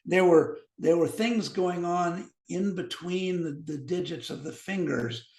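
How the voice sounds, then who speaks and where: A man's voice: high voice, measured pace. A man in his fifties, a physician guest on a podcast, telling medical anecdotes and acting out the dialogue. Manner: animated anecdotes, acts out quoted dialogue. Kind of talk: storytelling in a podcast interview. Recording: echoey room.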